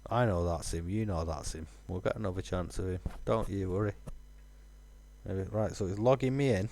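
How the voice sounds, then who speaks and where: Man, deep-ish voice, casual rambling game commentary, lots of fillers. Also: normal speed, a little mellow. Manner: rambling, musing aloud with fillers. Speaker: gaming streamer. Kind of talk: casual let's-play commentary.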